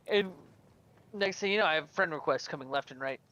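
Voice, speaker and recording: A man's voice: a little high, brisk, bright, forceful tone, rough recording. A man telling rambling, profane gaming stories in casual chat as a podcast co-host.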